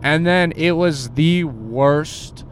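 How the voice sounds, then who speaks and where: A man's voice: a little high, extremely slow, slight background noise. A young man casually telling a crude personal story, rambling with lots of "like" and "bro". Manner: rambling, filler-heavy, says "like" and "bro" constantly.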